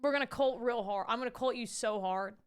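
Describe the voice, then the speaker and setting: A young woman streaming live, chatting and ranting to her viewers in an animated way, swearing casually. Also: a little high, brisk, clean tone. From Canada. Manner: animated, ranty, swears casually, talks to chat.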